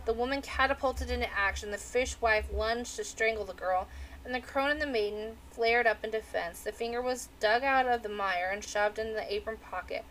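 A woman narrating a novel aloud in a steady, measured reading. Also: a little high, a little hiss or hum, rough recording. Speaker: audiobook reader. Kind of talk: storybook narration.

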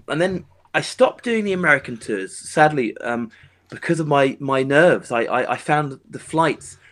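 A man musician chatting in an interview. He rambles, restarts his sentences and leans on fillers as he tells his stories. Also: mid-range voice. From England. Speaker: musician guest. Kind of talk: casual interview chat.

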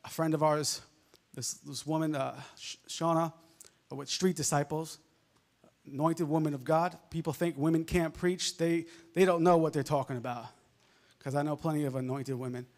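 A male preacher with a softened New York accent, delivering a fervent sermon full of amens and hallelujahs. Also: fairly high pitch, fairly even intonation, moderate pace. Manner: fervent, peppered with amens and laughs.

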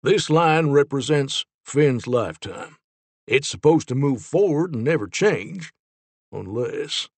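A man's voice: medium pitch, animated, slow, no echo. A man voicing Zeke, an earnest male Time Ranger explaining and defending a case, in a storybook reading. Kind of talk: storybook character voice.

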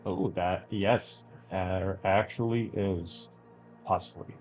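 A man running a tabletop horror game as game master, narrating scenes in a slow, measured way. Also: low voice, fairly even intonation, a little mellow, muffled recording, faint music behind.

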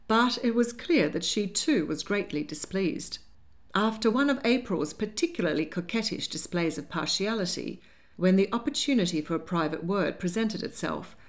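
A woman narrating an audiobook in a lively, expressive manner. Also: fairly low pitch. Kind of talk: scripted narration.

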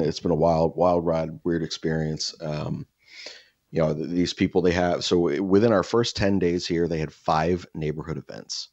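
A young adult man co-hosting a podcast, telling a profane, animated story with mimicked voices in casual chat. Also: deep voice, gravelly, no echo, muffled recording. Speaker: podcast co-host.

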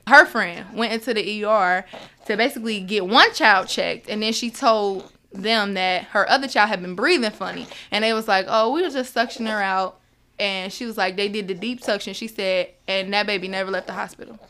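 A woman's voice: medium pitch, a little fast. A young woman telling a personal story, acting out what everyone said in quotes. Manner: animated, acts out others' words in quotes. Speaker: guest.

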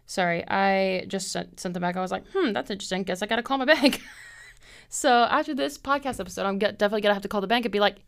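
A young woman in her twenties hosting a casual solo podcast from her apartment, telling stories in an animated way, acting out quoted people in a higher voice and swearing freely. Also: fast, creaky. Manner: animated storytelling, acts out quotes in a high voice, swears. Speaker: podcast host.

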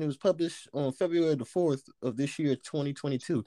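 A man's voice: a little high, brisk, few pauses, mellow, dry recording. Profane joking man, dry sound. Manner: profane, joking, stumbles over reading aloud. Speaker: podcast co-host reading news stories. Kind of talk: casual comedic podcast chat.

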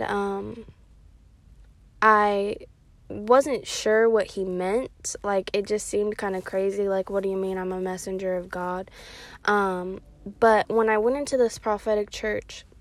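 A woman sharing a prophetic word on her podcast, speaking earnestly with many pauses and ums. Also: medium pitch, dry recording. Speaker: podcast minister. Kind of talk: prophetic devotional talk.

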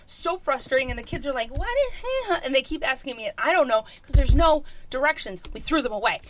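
A woman's voice: sits high, fast, slight background noise. A woman host telling a comic story in casual chat, exasperated and swearing often, laughing as she goes.

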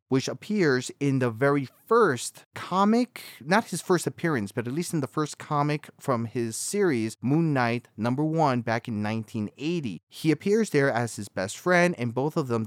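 A young man talks through a TV series review in a relaxed, chatty way, full of little asides and fillers. His voice sits at an ordinary middle pitch. The sound is dry and close, with no room around it. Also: no room sound. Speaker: video reviewer. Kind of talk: casual review commentary.

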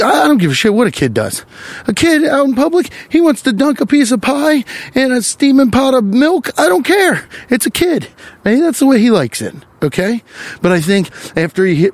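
A man hosting a podcast, delivering a profane, exasperated comic rant while walking along a wooded trail. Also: high voice. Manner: animated, profane, exasperated ranting. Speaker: podcast host.

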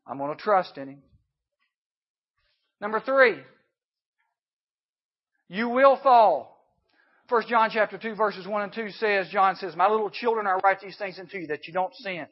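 A man giving an emphatic sermon at a youth camp, swinging between hushed and loud. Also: high voice. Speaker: camp speaker. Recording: dull lo-fi recording.

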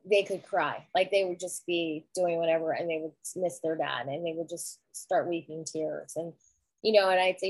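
A middle-aged woman, fairly low-pitched and fairly even in intonation, talks at a moderate pace as a guest sharing her experience of grief. She speaks earnestly and reflectively in a casual conversation, often restarting her sentences. The low-quality recording has no room sound.

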